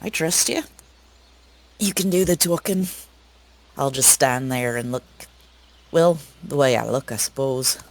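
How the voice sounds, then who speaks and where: A man voicing a confident, teasing female mercenary, pitching his voice up. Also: measured pace, pauses often, natural voice. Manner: teasing, self-assured.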